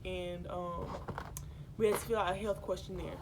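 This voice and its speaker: A woman's voice: on the low side, little pitch movement, moderate pace. Worked-up young woman vlogging on a noisy ship. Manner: chatty and worked-up, addresses viewers as y'all. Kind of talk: casual direct-to-camera vlog. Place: cruise ship at sea.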